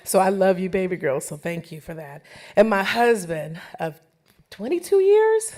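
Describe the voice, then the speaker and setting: A woman's voice: mid-range voice, big pitch swings, normal speed. A woman in her forties giving an emotional acceptance speech at a banquet, laughing often and joking with the audience. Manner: warm, laughing often, playful asides to the audience.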